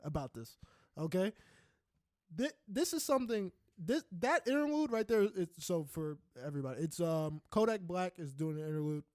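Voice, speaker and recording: A man's voice: high-pitched, animated, normal speed, darkish tone, no room sound, studio quality. A young man co-hosting a podcast, ranting heatedly and profanely with many restarts in casual talk. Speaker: podcast co-host.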